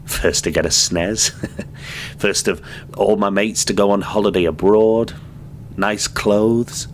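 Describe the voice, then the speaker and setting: Guy doing a quiet tired son, low slow voice. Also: fairly even intonation, slight background noise. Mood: subdued. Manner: halting, subdued, reflective. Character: weary grown son of abused mother.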